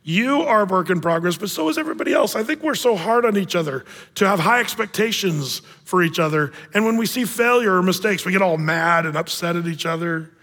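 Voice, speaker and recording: A male pastor preaching in a church with a high, bright voice, animated and joking as he tells stories. The sound carries a long reverb from a big room. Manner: animated, jokey storytelling with acted-out voices. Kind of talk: sermon.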